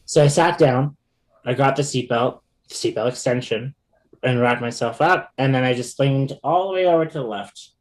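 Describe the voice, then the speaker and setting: Speaking at a moderate pace in a medium-pitched voice, a man appearing as a podcast guest shares a personal story casually. His telling is lively and full of laughter, with frequent fillers and restarts.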